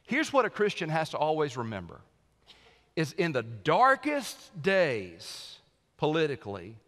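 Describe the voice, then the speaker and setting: A man preaching from the pulpit with a middle-pitched voice, rising loud on key lines and dropping to a hush for weight. His sermon rings out with a long reverb tail that fills the church hall. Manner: preaching with wide swings in loudness, dropping low and quiet for emphasis. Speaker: senior pastor. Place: church sanctuary.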